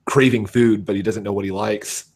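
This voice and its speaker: West Coast American man, lowish voice, hesitant casual chatter. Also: steady tone, a little mellow, husky. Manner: hesitant, halting, many uh fillers. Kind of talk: casual chat.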